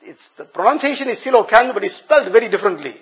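A man's voice: high-pitched, animated, fast, fairly bright tone, lo-fi sound. A male preacher giving an earnest, explanatory sermon, repeating phrases for emphasis.

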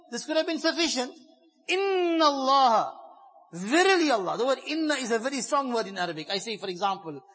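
Male preacher, high husky tone, emphatic sermon delivery that swings between fervent stress and hushed passages. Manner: emphatic, swelling to fervent stress, then dropping soft and low. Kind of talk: sermon explaining scripture.

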